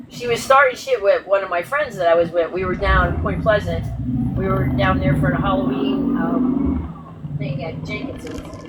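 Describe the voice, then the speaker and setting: A woman telling brash, swear-laden stories in casual chat, acting out quotes, from inside a vehicle. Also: medium pitch. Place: in a vehicle, air conditioner blowing. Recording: distant mic with road noise.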